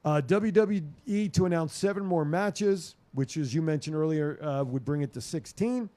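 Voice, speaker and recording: Guy hosting a podcast, kinda high voice, talks fast and rambles through headlines. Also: warm tone. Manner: quick, rambling, reads listener comments aloud. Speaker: podcast host. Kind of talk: casual chat, reading headlines.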